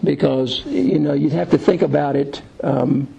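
A man teaching an unscripted Bible lesson, thinking aloud with frequent pauses and restarts, and reading scripture aloud. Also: on the high side, fairly even intonation, gravelly, mellow, breathy edge, highs cut off. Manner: halting, many fillers and restarts, thinking aloud.

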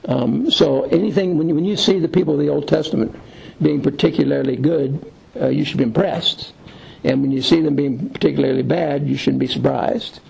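A man teaching an unscripted Bible lesson, thinking aloud with frequent pauses and restarts, and reading scripture aloud. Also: a little high, gravelly, a little mellow, husky, dull audio. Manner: halting, many fillers and restarts, thinking aloud.

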